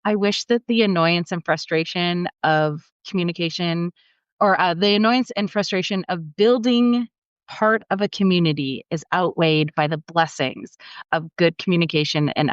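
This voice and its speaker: A woman's voice: fairly low pitch, moderate pace, no room sound, dull audio. A middle-aged woman from Canada chatting casually as a podcast guest, laughing often. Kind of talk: casual chat.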